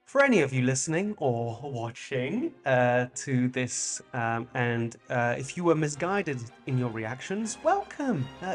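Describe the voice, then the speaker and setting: A French-born man with a British accent hosting a comic monologue, animated and jokey with sudden pitch jumps. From France. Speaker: comedian host.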